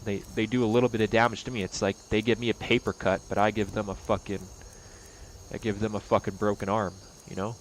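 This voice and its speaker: A young man in an angry, profane vlog rant, swinging between loud outbursts and low mutters. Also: level tone, quick pace, slight background noise. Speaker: vlogger. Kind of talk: angry personal rant to camera.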